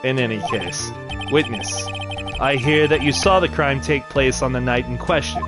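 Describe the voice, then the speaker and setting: A man voicing a composed male prosecutor in a video game dub, speaking measured and stern. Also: mid-range voice, pitched below the performer's own voice, lightly acted. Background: game music.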